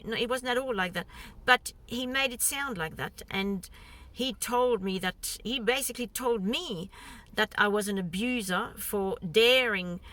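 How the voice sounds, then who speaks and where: A woman's voice: on the high side, bright, forceful tone. A woman vlogger earnestly recounting her own experience in a personal story told to camera.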